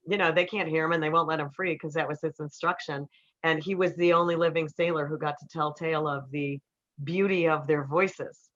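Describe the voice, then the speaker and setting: Middle-aged female speaker, animated storyteller, bright tone, dull lo-fi sound. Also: low-pitched. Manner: animated storyteller who acts out quotes. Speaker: relationship counselor speaking to an audience. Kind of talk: storytelling talk to an audience. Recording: slightly dull, muffled recording.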